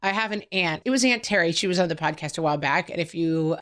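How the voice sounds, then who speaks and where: A woman in her forties co-hosting a podcast in casual chat, telling stories with lively acted-out quotes. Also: on the low side, fast talker. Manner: animated storytelling, quoting family in character. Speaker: podcast co-host.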